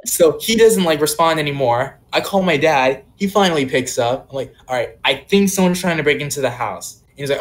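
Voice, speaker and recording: A man's voice: mid-range voice, fairly quick, hardly any pauses. A young man casually telling a long personal story on a podcast, full of "like" and "um" fillers. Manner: rambling, many "like" and "um" fillers. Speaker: podcast co-host.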